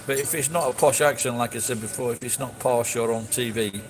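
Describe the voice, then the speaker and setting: Here a man with a mid-range voice talks a little fast, answering his chat casually in a blunt, profane, rambling way full of restarts. There's music and other background noise.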